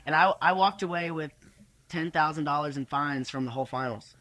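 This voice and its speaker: A young man, a podcast guest, telling rodeo stories casually with energetic, profane, stumbling restarts. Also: fairly high pitch, fairly quick. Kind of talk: casual storytelling.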